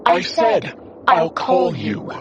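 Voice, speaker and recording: A woman voicing a cruel male bomber with a disguised mechanical voice, speaking slowly and mockingly in an audiobook. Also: fairly low pitch, big pitch swings, highs cut off, background noise. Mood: taunting. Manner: slow, taunting. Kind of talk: audiobook character voice.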